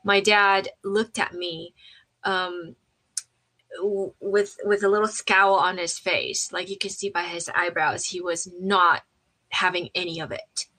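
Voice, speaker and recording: Bright-voiced woman telling her story. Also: on the low side, a little slow, poor audio. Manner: animated, acts out quoted voices; frequent fillers and restarts. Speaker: interview guest. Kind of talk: personal storytelling.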